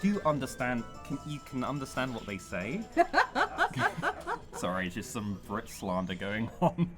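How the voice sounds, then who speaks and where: Chatty British man, lively pitch. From United Kingdom. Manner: chatty, laughs often, quick self-corrections. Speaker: co-host of a charity gaming stream. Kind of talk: casual chat. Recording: music playing underneath.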